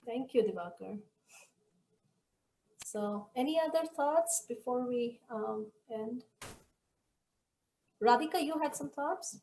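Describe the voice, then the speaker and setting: A woman hosting an online scripture study group, leading the discussion and telling stories in an animated way over a video call. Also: on the high side, slow pace, gravelly, pauses often, a little hiss or hum. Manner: animated storyteller. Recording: roomy echo.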